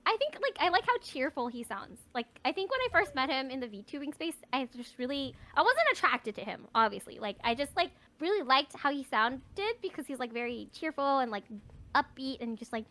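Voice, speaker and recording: Young woman, very high voice, swoopy lively intonation, giggly, casual chat. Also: fairly quick. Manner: giggly, bubbly, laughs often between words. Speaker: VTuber co-host.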